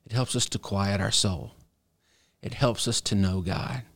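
A pastor delivers an earnest, exhorting sermon in a lowish male voice. He leans into key phrases slowly and deliberately. The sound is dry and close, with no room around it. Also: creaky, fairly bright tone, no echo.

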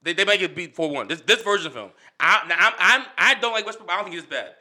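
A man's voice: high-pitched, lively intonation, fast talker, bright, forceful tone. A man in a casual sports debate who talks animatedly, laughs often and repeats himself.

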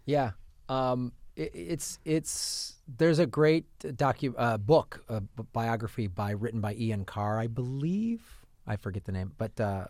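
A man's voice: medium pitch, expressive, measured pace, darkish tone, no room sound, studio quality. A man co-hosting a podcast, chatting casually about films and telling rambling stories with many restarts. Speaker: podcast co-host. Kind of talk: casual film chat.

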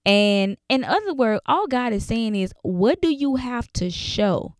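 A woman's voice: mid-range voice, clear, resonant tone, no room sound, clean studio sound. A woman teaching a Bible study in a casual, conversational way, reading verses aloud with frequent fillers. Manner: conversational, many fillers, reads scripture aloud.

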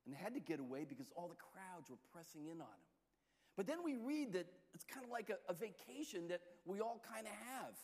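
High-voiced pastor preaching in a reverberant hall. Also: male voice, fairly quick. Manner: storytelling, lively shifts in pitch and loudness. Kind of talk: sermon.

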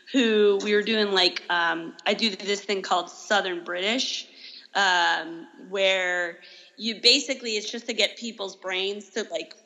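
Woman, improv teacher, interview guest, bright tense voice, rambling, many "like" fillers. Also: medium pitch, low-quality recording. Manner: rambling, heavy use of "like" as a filler; explains with quick self-corrections. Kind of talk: casual interview chat.

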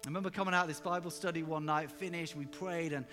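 Emphatic high-voiced preacher. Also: male voice, fast. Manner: emphatic, animated storyteller, rising to loud exclamations. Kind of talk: sermon with personal storytelling. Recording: reverberant hall with music underneath.

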